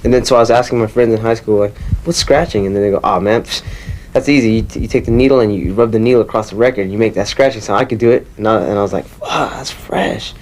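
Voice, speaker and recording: A man's voice: on the low side, fairly even intonation, rapid-fire, darkish tone, a little hiss or hum. A young man from the Bay Area telling a casual, rambling story as an interviewee and mimicking turntable scratches with his mouth.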